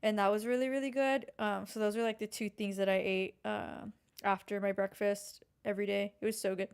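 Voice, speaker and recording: A woman's voice: mid-range voice, flat delivery, brisk, creaky, smooth. A woman co-hosting a podcast, chatting in a playful, crude and teasing way. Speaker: podcast co-host. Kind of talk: casual podcast chat.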